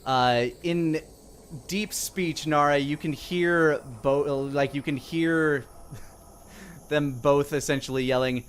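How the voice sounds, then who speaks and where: A man's voice: a little high, slow pace, clear, resonant tone. Man narrating as game master. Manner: descriptive, relaxed narration with sound-effect noises. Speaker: dungeon master.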